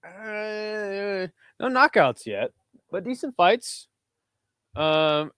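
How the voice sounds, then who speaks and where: A man hosts a live fight watch-along in a loose, profane chat voice that pitches a little higher than most. He riffs with his chat and gets loud when a knockout lands. The sound is dry and close to the mic. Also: very slow, long pauses, clean tone, dry recording. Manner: casual and profane, bursts into excited shouting. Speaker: host.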